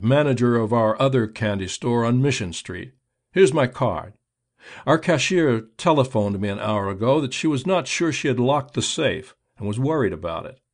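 A man voicing a smooth-talking male gentleman crook who speaks in a suave, confident, persuasive way. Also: mid-range voice.

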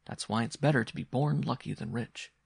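A man reading a story aloud, voicing a weary mother who speaks in a measured, bitter way. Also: medium pitch, lively intonation, creaky, slightly rough, dry recording, studio quality, full character voice.

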